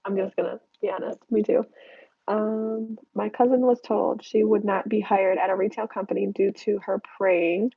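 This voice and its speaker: A young woman chats candidly through a live question-and-answer stream, full of ums and restarts. Her voice sounds a little stuffy and hoarse from allergies. Her pitch sits in the middle, and she talks into a headset mic with dull, lo-fi sound. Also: steady tone, moderate pace. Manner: candid, chatty, many fillers and restarts. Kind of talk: casual live Q&A chat. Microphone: headphones with mic.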